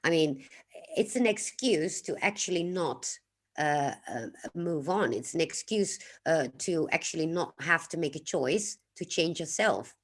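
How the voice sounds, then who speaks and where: A woman from the Netherlands with a Dutch accent, hosting a casual livestream, reflective and unhurried, pausing to greet and thank viewers in the chat. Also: low-pitched, expressive. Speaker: livestream host.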